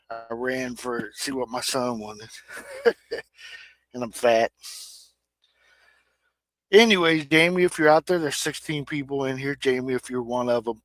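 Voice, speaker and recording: This livestream host, a middle-aged Indiana man with a Midwestern American accent, talks plainly and emphatically in a casual chat. His medium-pitched voice is a bit bright, with poor audio and no room sound.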